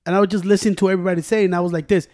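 A man's voice: high voice, flat delivery, very fast, darkish tone. A man in casual chat, swearing freely and mixing Spanish into his English. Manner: profane, mixes Spanish and English.

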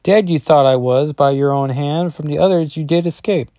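A man's voice: a little high, normal speed, warm tone, no room sound, voice pushed up, close to an everyday voice. A man voicing a scheming male werewolf who speaks with inverted word order while reading a comic aloud. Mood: gloating. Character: scheming male werewolf pack, odd backward speech.

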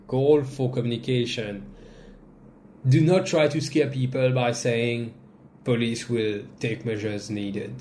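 A man from Mauritius hosting a solo political commentary podcast, sarcastic and animated, often restarting his sentences. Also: medium pitch, slight background noise. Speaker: podcast host.

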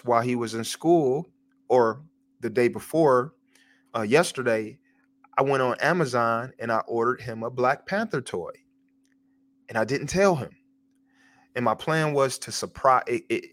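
A man hosting a devotional podcast, telling a family story in an earnest way, with pauses and repeated words as he goes. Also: medium pitch, a bit bright. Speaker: podcast host.

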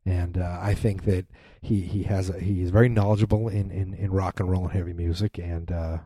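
Rambling, low-voiced man. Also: fairly even intonation, moderate pace, dark tone, breathy edge, no room sound. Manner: rambling, with many restarts and fillers. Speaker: podcast host. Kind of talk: casual monologue.

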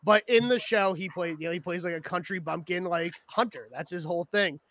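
A man co-hosting a podcast in casual chat, animated, swearing and laughing often. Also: high voice, a little fast. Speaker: podcast co-host.

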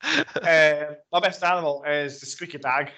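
Man co-hosting a film podcast, a touch high, rattles off picks with ums. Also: measured pace, pushed and bright. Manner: reads out his picks in short lists, with filler ums. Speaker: podcast co-host. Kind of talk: casual film-review chat.

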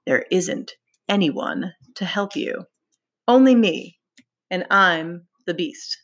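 Storybook villain: mocking pig's-head beast, done by a woman reader, slow, menacing, slightly low. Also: expressive, fairly bright tone, heavily acted. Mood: taunting menace. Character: taunting sinister pig's-head beast, male. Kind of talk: dramatic read-aloud.

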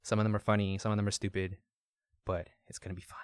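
A man's voice: lowish voice, flat delivery, quick pace, clear, resonant tone, no echo, studio quality. A man co-hosting a podcast, chatting casually and laughing often. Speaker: podcast co-host. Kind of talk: casual chat.

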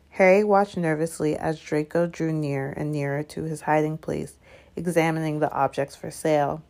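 A woman reading a chapter of a novel aloud in measured, steady narration. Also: deep voice, vocal fry. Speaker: audiobook reader. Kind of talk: scripted narration.

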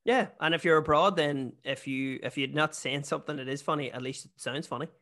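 A man's voice: a little high, a little fast, fairly bright tone. A man with a Newry, Northern Irish accent, a stand-up comedian chatting casually as a podcast guest, self-deprecating and full of restarts. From Northern Ireland.

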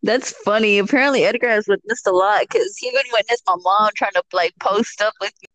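A woman's voice: medium pitch, a little fast, fairly bright tone, low-quality recording. A young woman co-hosting a podcast, chatting casually, laughing a lot and swearing, with some Spanish mixed in. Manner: laughs often, profane storytelling with Spanish mixed in. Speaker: podcast co-host. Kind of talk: casual chat.

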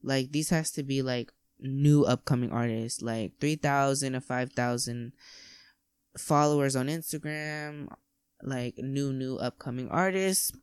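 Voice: medium pitch, a little slow, clear, resonant tone, dry recording, clean studio sound. A podcast host chatting casually and effusively to listeners, with lots of "like" as filler. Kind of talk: casual solo podcast chat.

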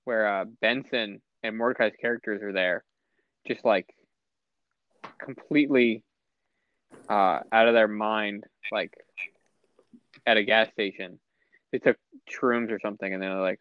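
A man's voice: on the low side, steady tone, measured pace, pauses often, no echo. A young man chatting casually as a podcast co-host, rambling and stammering, laughing often. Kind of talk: casual chat. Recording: slightly muffled lo-fi audio.

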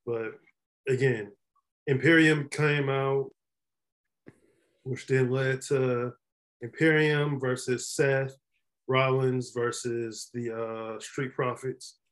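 Slow-talking blunt male podcaster. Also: medium pitch, steady tone. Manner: opinionated, blunt. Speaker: podcast co-host. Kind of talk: casual wrestling chat.

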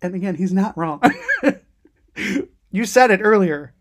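A woman co-hosting a podcast, joking around in relaxed, slangy casual chat. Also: medium pitch, a little slow. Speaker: podcast co-host.

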